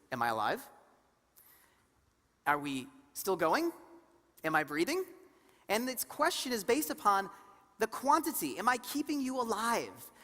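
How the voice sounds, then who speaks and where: Bright-voiced woman teaching in a reverberant hall. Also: medium pitch. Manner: animated, questions the audience, acts out stories. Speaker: seminar co-presenter. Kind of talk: live seminar teaching. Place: conference hall before an audience.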